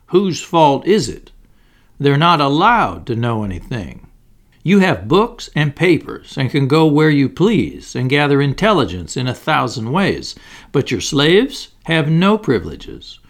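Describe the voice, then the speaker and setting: A man's voice: fairly high pitch, pitched above the performer's own voice. A man reading the part of an earnest carpenter who argues grave moral points. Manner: grave, preaching.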